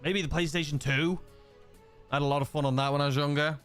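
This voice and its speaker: A man's voice: fairly high pitch, steady tone, quick pace, a bit bright, clean tone, faint music behind. A young man from England with a mixed, slightly Scouse-leaning accent, chatting casually as a gaming livestream host, rambling with many fillers and restarts. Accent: mixed English, slightly Scouse-leaning. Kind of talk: casual livestream chat reading viewer messages.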